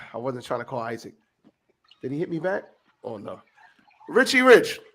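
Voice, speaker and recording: A man hosting a podcast in casual, profane chat, laughing a lot, his voice still getting over hoarseness. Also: medium pitch, lively intonation, normal speed. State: voice recovering from hoarseness. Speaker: podcast host.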